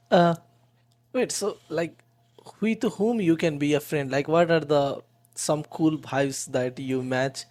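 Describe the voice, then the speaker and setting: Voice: medium pitch, darkish tone. Hesitant interview host. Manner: hesitant, halting phrasing. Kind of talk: casual interview.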